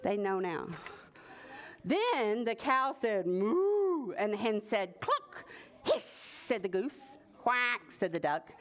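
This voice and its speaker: A woman's voice: mid-range voice, slow pace. A woman librarian reading a picture book aloud to preschoolers in a library, asking them questions. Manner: animated, asks children questions. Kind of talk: preschool story time reading. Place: library story room.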